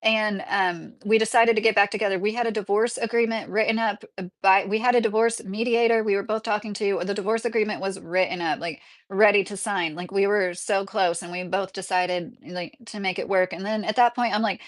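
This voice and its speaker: A woman's voice: mid-range voice, fairly even intonation, moderate pace. Chatty middle-aged woman livestreaming. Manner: chatty and rambling, lots of "like" and "um", laughs often. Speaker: livestreamer answering chat. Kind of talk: casual livestream chat.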